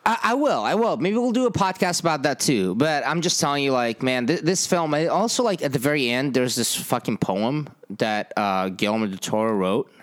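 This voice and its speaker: A man's voice: medium pitch, expressive, moderate pace, few pauses. A man from the Middle East, a filmmaker co-hosting a casual film podcast, talking emphatically with lots of swearing and laughter. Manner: profane, emphatic, laughs often.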